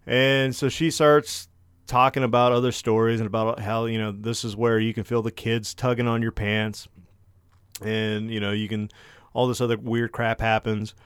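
A man's voice: medium pitch, flat delivery, moderate pace, a bit bright, smooth, no echo, studio quality. A young man co-hosting a podcast, telling a story in casual, profanity-heavy chat. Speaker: podcast co-host.

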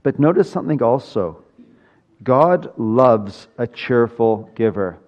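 A man's voice: medium pitch, animated, slow, dull audio. An older man preaching a sermon as pastor, earnest with dry humor and emphatic repetition of key lines.

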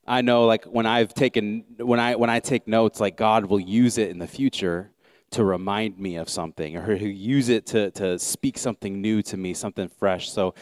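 A man's voice: on the low side, a little mellow, clear, resonant tone, no room sound, clean studio sound. A man with an American accent preaching a sermon in a casual, conversational way with many fillers and restarts. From United States. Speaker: pastor.

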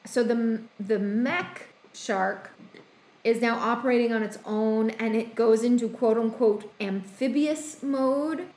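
A woman's voice: on the high side, slow, darkish tone, roomy sound. A woman co-hosting a casual chat, recapping a film in a rambling way with many ums and quoted asides. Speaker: podcast co-host recapping a film.

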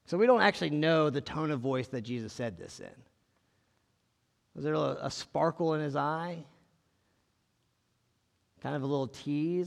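A man's voice: on the high side, expressive, moderate pace, creaky, pauses often, big-room sound. A man preaching a conversational sermon, reading scripture and asking his listeners questions in a casual way. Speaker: pastor.

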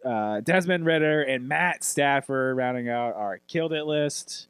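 A man's voice: medium pitch, unhurried, fairly bright tone, clean tone, no echo. A man co-hosting a fantasy football podcast, rattling off player lists in crude, joking casual chat. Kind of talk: profane casual sports chat.

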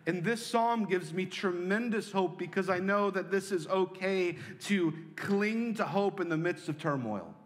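An earnest male pastor delivering a sermon, his voice sitting a touch higher than most men's. He moves between loud, pleading passages and soft, hushed ones. The sound carries a long reverb trail. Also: unhurried, hardly any pauses.

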